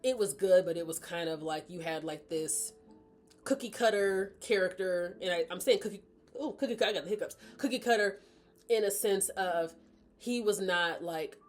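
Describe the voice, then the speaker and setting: A woman's voice: fairly low pitch, normal speed, soft background music. A woman chatting casually as she reviews a book, rambling and often correcting herself.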